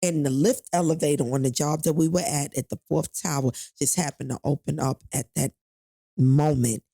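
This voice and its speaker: A woman's voice: low-pitched, steady tone, moderate pace, creaky, mellow, husky, dry recording. A middle-aged woman guest on a podcast, retelling a painful personal story in a blunt, profane, emphatic way.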